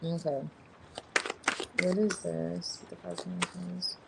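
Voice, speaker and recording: A woman's voice: on the low side, flat delivery, slow pace, vocal fry, heavy background noise. A woman giving a tarot reading on a livestream, thinking aloud as she turns over cards. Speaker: tarot reader.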